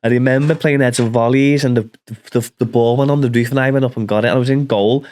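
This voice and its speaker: A man who is a podcast guest, talking in a halting way, often stopping to restart with "like" and "you know". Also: mid-range voice, steady tone, a little mellow. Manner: halting, full of "like" and restarts, tells his story. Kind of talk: casual chat.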